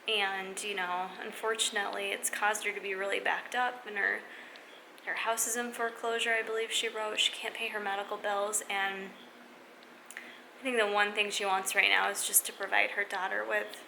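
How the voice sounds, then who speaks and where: A young adult woman vlogging to camera, speaking in an earnest, halting way with many restarts. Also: mid-range voice, level tone, creaky, noisy background. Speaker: fitness vlogger. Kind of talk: casual vlog talk to camera.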